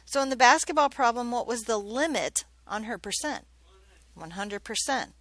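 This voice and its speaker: A woman's voice: a little high, lively intonation, normal speed, a bit bright, no room sound. A woman math teacher giving a classroom lesson, chatty and joking, often checking in with questions.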